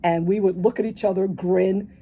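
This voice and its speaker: A middle-aged woman, an author being interviewed on the radio, telling a personal story with animated quoted dialogue. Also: mid-range voice, moderate pace. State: tearful at moments.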